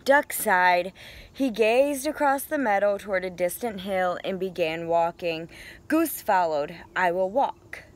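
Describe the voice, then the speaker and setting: Slow, expressive storytime teacher, a woman. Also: mid-range voice. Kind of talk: children's read-aloud.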